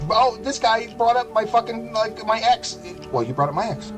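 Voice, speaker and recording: A young man rants on a livestream, swearing and mocking with a lively voice that leaps across its range. He sits a little above the usual male pitch. Soft music plays faintly behind him. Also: normal speed, rough recording. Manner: profane, sarcastic, heated. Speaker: streamer. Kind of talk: angry livestream rant.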